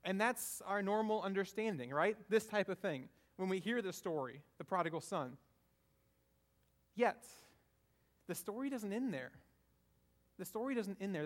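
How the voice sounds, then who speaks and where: A man preaching a conversational sermon, retelling a parable and often checking in with "right?". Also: high voice.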